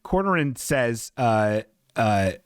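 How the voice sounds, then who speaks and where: A man's voice: medium pitch, very animated, slow pace, clear, resonant tone, no room sound, studio quality. A man hosting a comedy livestream in casual chat, rambling and self-deprecating, often laughing at his own asides. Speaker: podcast host.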